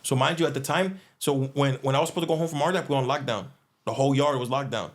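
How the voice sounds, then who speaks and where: Man, casual storytelling, slangy, quick restarts, voices other people's lines. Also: mid-range voice. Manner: animated, acts out others' lines, slangy, frequent restarts and fillers. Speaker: guest telling a story.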